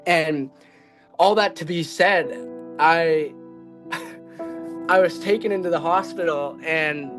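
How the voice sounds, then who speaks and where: A man's voice: fairly high pitch, bright, forceful tone. A young man telling a personal story as a podcast guest, rambling and filling his speech with "like". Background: background music.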